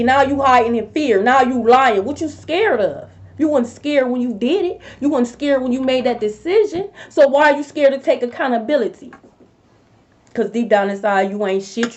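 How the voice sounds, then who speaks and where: A woman's voice: fairly high pitch, darkish tone. A young woman doing a live-stream tarot reading, talking bluntly and confrontationally with a lot of cursing. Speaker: tarot reader. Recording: dull lo-fi stream audio.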